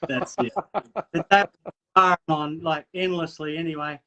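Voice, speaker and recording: A man's voice: fairly high pitch, steady tone, normal speed, bright, forceful tone. A man joining a casual online chat, telling a riding story in an easygoing, laconic way. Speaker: caller. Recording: lo-fi video call audio.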